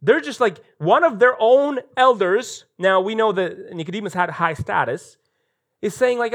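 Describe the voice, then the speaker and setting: A man's voice: high voice, lively intonation, normal speed, a bit bright. A male pastor preaching a live church sermon, telling the story animatedly and acting out the quotes. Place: church sanctuary, recorded live.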